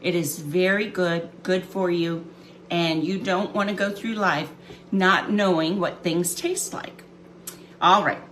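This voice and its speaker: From her home kitchen, a woman hosts a library children's cooking show, chatting homily straight to the kids with lots of ums as she demonstrates. Her lowish voice is fairly bright, and the recording has a little hiss or hum.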